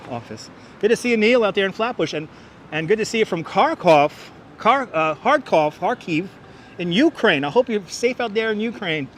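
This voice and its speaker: This walking-tour livestreamer has a high-pitched, fairly bright voice as he moves through busy city streets outdoors, commenting live, reading chat and welcoming viewers by name. A wireless clip-on mic and gimbal-mounted phone record him, with faint traffic in the background.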